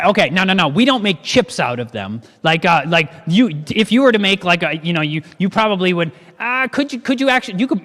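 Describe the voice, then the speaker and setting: A man presenting a cooking class to a live audience, talking in a lively way and firing questions at the room. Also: sits high. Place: church hall with a live audience. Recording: long church-hall reverb.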